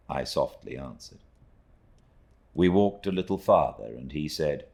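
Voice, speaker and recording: Very deep, slow male audiobook narrator. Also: creaky. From Britain. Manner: measured, expressive storytelling. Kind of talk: unabridged audiobook reading.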